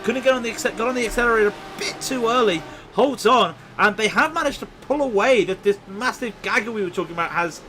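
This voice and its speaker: Male sim-race commentator, high and bright, excitable, faint noise. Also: quick pace, hardly any pauses. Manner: excitable, shouts at crashes. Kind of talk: sim racing live commentary.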